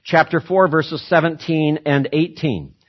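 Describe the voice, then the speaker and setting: A man preaching with an emphatic, repetitive style, leaning hard on key words and racing through others. His voice is slightly high and husky, with lively swings in pitch. The recording sounds dull and lo-fi. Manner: emphatic, repeats words for stress, shifts between slow and rapid delivery. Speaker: pastor. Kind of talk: sermon.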